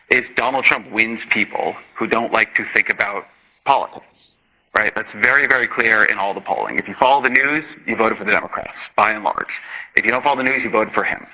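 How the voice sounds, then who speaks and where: Male talk show guest, analytical, bright voice. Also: on the low side, poor audio. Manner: measured, reasoning out loud. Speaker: guest author. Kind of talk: panel discussion.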